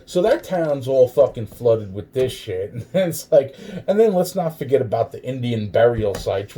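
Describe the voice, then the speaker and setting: A man rambles in a loose, profane monologue, chuckling to himself between phrases. His voice is dark and mellow, and he sits a little back from the mic. A faint hum of noise runs underneath. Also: on the high side, far from the mic.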